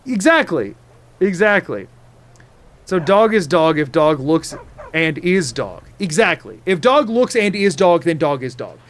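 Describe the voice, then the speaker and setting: A man's voice: a little high, very animated, unhurried. A man streaming a game, chatting casually to viewers in a playful, rambling way full of repetitive wordplay. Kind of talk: casual live-stream chat.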